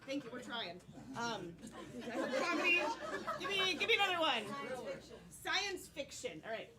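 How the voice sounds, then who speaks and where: A woman hosting a live improv comedy show, briskly taking suggestions from the audience. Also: sits high, sing-song, a loud crowd. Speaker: improv host. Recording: live stage with loud audience.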